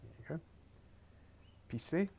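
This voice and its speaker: A man's voice: a little slow, darkish tone. A man teaching a beginners' Spanish lesson on a recorded screen share, chatty and encouraging with wry asides.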